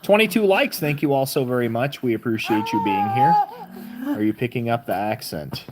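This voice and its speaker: A woman's voice: extremely low pitch, animated, normal speed, very noisy. A woman from southern Missouri with a Southern accent, hosting a casual live stream, chatting with viewers and reading their comments aloud. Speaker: livestream host.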